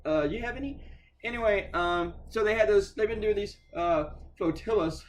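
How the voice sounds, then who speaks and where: In a high voice at a moderate pace, a cartoonist chats while he works on a drawing. The rambling monologue is casual and sarcastic, with free swearing and frequent restarted sentences. A little hiss or hum can be heard.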